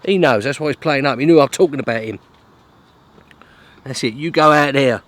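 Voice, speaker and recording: Out at a lake in wind and rain, a British man fishes and chats to the camera in a fairly quick, fairly bright medium-pitched voice, pausing often. His casual vlog mixes self-mockery with grumbled asides.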